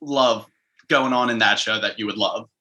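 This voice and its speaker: A man co-hosting a podcast in casual chat, animated, mimicking quotes with big jumps in pitch. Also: normal speed. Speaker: podcast co-host.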